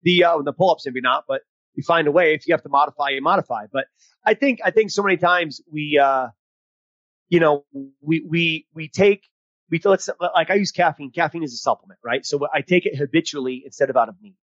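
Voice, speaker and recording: Energetic male coach on a podcast, quick-talking, a bit higher voice, close dry mic. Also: no echo, highs cut off. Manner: energetic, rambling with restarts. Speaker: podcast co-host, mental performance coach. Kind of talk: casual podcast chat.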